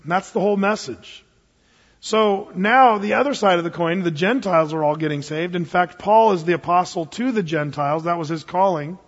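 A man's voice: sits high, moderate pace. A male pastor preaching a casual, joking sermon in a church, with sudden emphatic bursts. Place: church sanctuary. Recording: muffled, long reverb in a hall.

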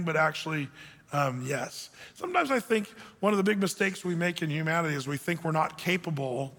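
A male pastor teaching through scripture in a relaxed, conversational way that he spices with dry jokes. His voice sits high and sounds bright and forceful. It rings out with a long reverb from a large hall. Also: a little fast. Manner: conversational, joking asides. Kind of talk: sermon, verse-by-verse teaching.

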